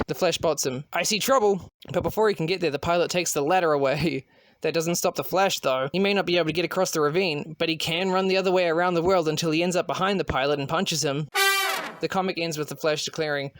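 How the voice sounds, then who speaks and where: A man's voice: a little high, no echo. A young man giving a wry, comedic voice-over narration for an animation video. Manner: wry, dry humor. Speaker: animation YouTuber.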